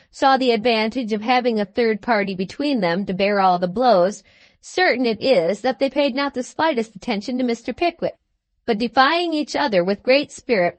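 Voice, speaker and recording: A woman narrating a classic novel aloud in a measured, expressive style. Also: a little high, no echo. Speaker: audiobook narrator. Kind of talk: scripted storybook narration.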